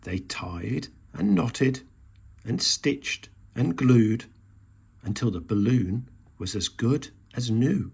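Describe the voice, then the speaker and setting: A man reading a children's storybook aloud in a slow, expressive way. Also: mid-range voice, creaky, husky.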